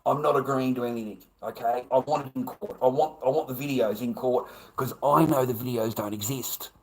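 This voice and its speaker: A man's voice: mid-range voice, moderate pace, darkish tone, slightly rough. An Australian man on a livestream, ranting heatedly, swearing constantly and repeating himself. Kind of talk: angry livestream rant.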